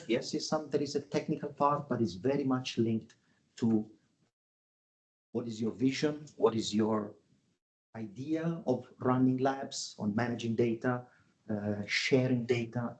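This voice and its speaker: A man walks through a business slide presentation over a video call. He pauses often on filler sounds and corrects himself mid-sentence. His voice sits at a middle pitch for a man. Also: darkish tone, a little hiss or hum, rough recording. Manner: halting, with frequent filler sounds and self-corrections. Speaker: guest presenter at an industry webinar.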